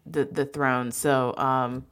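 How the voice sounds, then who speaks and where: Woman podcast co-host, very low voice, halting casual musing, light laughs. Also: little pitch movement, a bit bright, clear, resonant tone. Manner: hesitant, many fillers and restarts, laughs lightly. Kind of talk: casual chat.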